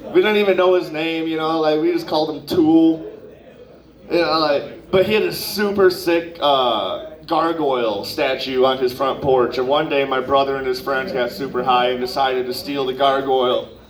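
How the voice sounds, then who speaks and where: A man's voice: medium pitch, measured pace. A young man doing a stand-up set at an open mic, telling rambling, profane stories full of asides. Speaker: stand-up comedian. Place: comedy club open mic. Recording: roomy, distant live club recording.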